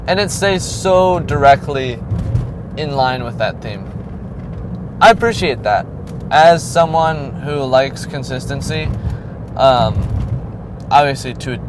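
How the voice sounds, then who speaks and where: A young man talks through an album review in a slow, meandering way, leaning on ums and likes between thoughts. His voice sits at an ordinary pitch for a man. Passing traffic is clearly audible behind him on the street. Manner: rambling, many filler ums and likes. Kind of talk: casual spoken album review.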